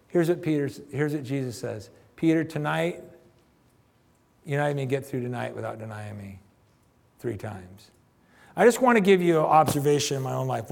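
Man in his 50s, pastor, chatty emphatic sermon, gravelly voice. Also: fairly high pitch. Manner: conversational, emphatic, addresses congregation directly.

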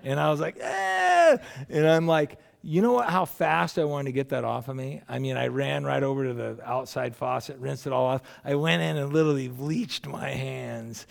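A man's voice: mid-range voice, steady tone, moderate pace, gravelly, few pauses. A middle-aged man, a pastor, preaching a sermon in a loose, conversational storytelling way, often restarting his sentences.

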